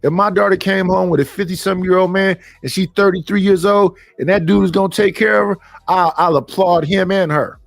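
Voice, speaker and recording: A man's voice: high-pitched, fairly even intonation, fairly quick, creaky, few pauses. A middle-aged man, hosting a live stream and ranting bluntly and profanely, preaching at his listeners. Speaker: stream host. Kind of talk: casual live-stream rant.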